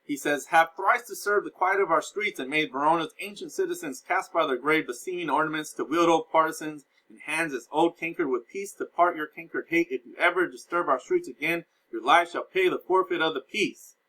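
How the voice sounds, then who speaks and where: Bright-voiced male teacher recapping a play. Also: fairly high pitch, brisk, hardly any pauses, low-quality recording. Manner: casual explaining, reads and paraphrases lines. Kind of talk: classroom lecture recap.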